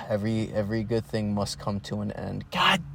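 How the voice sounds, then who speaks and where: Rambling, profane low-voiced man. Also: lively intonation, fairly quick, creaky, background noise. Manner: profane, meandering, ranting with frequent restarts. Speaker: solo podcast host. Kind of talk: rambling monologue.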